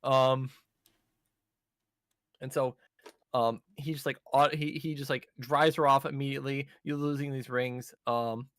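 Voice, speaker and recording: A man's voice: mid-range voice, flat delivery, unhurried, pauses often, fairly bright tone, clear, resonant tone, dry recording. A man casually recapping an anime episode on a podcast, rambling with fillers and swearing. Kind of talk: casual chat.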